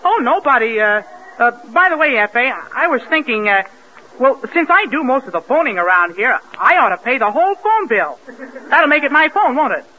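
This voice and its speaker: Brief: man, naive boyish radio comedy regular, high voice, faint hiss on an old broadcast. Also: sing-song, a little fast, highs cut off.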